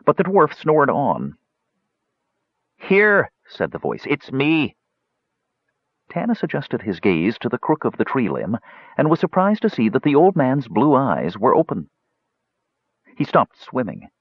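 A man narrating a fantasy audiobook in a measured, expressive reading. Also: mid-range voice, husky, dry recording. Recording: dull lo-fi dry recording.

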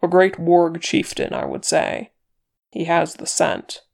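A reader voicing a gruff, blunt male dwarf warrior in an audiobook, grumbling and plain-spoken. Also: mid-range voice, expressive, takes it slowly, a little mellow, exaggerated voice. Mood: steady. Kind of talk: audiobook character reading.

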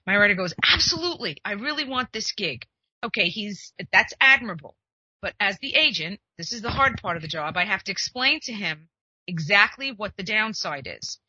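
A woman hosting an advice show in a chatty, emphatic way, acting out the exchanges she recounts. Her voice is very bright and forward, with a husky, breathy edge. The recording is dry and a little muffled. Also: mid-range voice, lively intonation, moderate pace, no room sound. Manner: chatty, emphatic, acts out quoted conversations. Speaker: literary agent and podcast host. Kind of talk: casual advice monologue.

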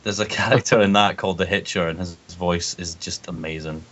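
Relaxed lower-voiced man chatting. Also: a little fast. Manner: relaxed, steers the talk, laughs easily. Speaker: podcast co-host. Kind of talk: casual chat. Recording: dull lo-fi audio.

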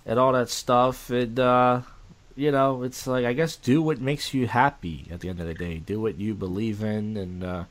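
A young man co-hosting a podcast in casual chat, rambling and halting with many restarts and fillers. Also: medium pitch, fairly even intonation. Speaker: podcast co-host.

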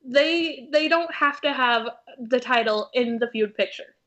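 A woman's voice: fairly high pitch, unhurried, a bit bright. A young woman co-hosting a casual chat, chatty and opinionated. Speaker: podcast co-host. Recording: dull lo-fi recording.

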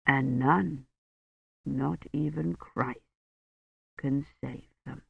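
A narrator voicing a dying, devout old male priest who murmurs slowly in a weak, slurred voice. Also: medium pitch, fairly even intonation, gravelly, husky, no echo, narrow, tinny audio, voice pushed down, heavily acted. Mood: solemn. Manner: faint slurred murmur, slow and solemn. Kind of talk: audiobook reading.

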